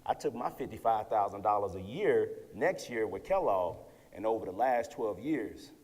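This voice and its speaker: A man in his thirties giving an energetic motivational keynote to students, often checking in with "right?". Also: fairly low pitch, normal speed, breathy edge. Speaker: keynote speaker. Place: lecture hall with audience. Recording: long hall reverb.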